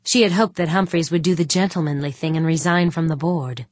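A woman with a low voice narrates an audiobook in a steady, measured way. The recording is close and dry. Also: no echo. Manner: even, measured storytelling. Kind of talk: scripted narration.

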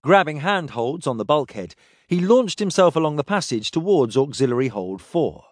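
A man reading a science fiction story aloud in steady, descriptive narration. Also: fairly high pitch, normal speed, no room sound, clean studio sound. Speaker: audiobook narrator.

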